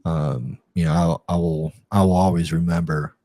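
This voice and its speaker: A middle-aged man with a very low, mellow voice recalls his service in a relaxed interview. He talks in loose runs, full of fillers and restarts. The sound is dry and close. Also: normal speed, dry recording. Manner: rambling, many fillers and restarts. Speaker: guest, retired Army captain. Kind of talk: casual interview storytelling.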